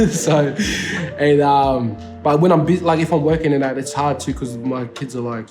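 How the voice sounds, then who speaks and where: A man with an Australian accent talks in an easygoing interview, full of slang, swearing and fillers. His voice sits in an ordinary middle register. Soft guitar music plays faintly underneath. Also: mid-range voice, moderate pace. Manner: laid-back, slangy, swears freely, many fillers. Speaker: rapper interviewed as guest. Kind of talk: casual interview chat. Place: indoor studio.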